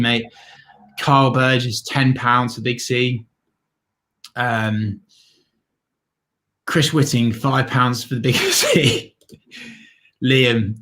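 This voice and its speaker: Bright, excitable male co-host. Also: medium pitch. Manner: excitable, effusive thanks. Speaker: livestream co-host reading donations. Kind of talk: casual livestream chat.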